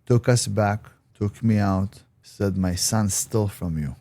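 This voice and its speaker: Blunt, deep-voiced man, dry studio sound. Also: unhurried, warm tone. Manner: blunt, emphatic, swears freely. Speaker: podcast guest. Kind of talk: personal interview storytelling.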